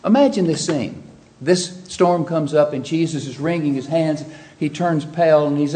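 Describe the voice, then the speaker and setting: A middle-aged man preaching a sermon, animated and vivid, jumping up in pitch when he acts out frightened voices. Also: moderate pace. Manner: animated preaching, acts out quoted panic with sharp rises in pitch. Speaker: pastor.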